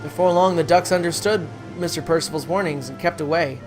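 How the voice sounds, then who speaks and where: A gamer reading a story game's text aloud in a slow, soft storybook manner, with game music playing behind. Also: mid-range voice. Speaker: let's play gamer.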